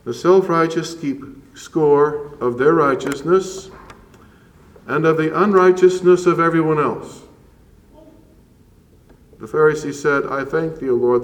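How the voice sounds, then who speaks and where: A man preaching a sermon as a priest, measured and earnest with slow emphatic pauses. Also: fairly high pitch. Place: church. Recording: roomy church echo from far off.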